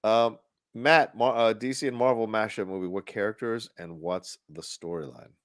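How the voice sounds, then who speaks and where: A man with a fairly low voice chats casually as a podcast co-host. He talks loosely, drops a curse here and there and trails off into fillers as he thinks. The sound is dry and close to the mic. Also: moderate pace, dry recording. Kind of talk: casual chat.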